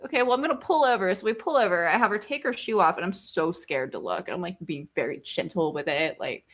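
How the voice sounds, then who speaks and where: A woman's voice: lowish voice, quick pace. Chatty woman telling a rambling story. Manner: animated, rambling with many fillers, swears freely. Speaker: podcast co-host. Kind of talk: casual storytelling chat.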